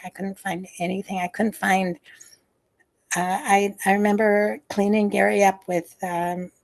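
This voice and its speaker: An older woman, once a nurse, recalls memories in a video-call interview, hesitant and full of fillers, restarts and soft sighs. Her voice is mid-range and gravelly.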